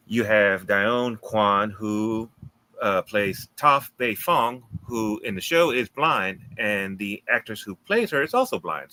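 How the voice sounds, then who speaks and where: A man's voice: on the low side, sharp tone, poor audio. A man co-hosting a podcast, reviewing a movie in enthusiastic, rambling casual chat with plenty of fillers. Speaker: podcast co-host.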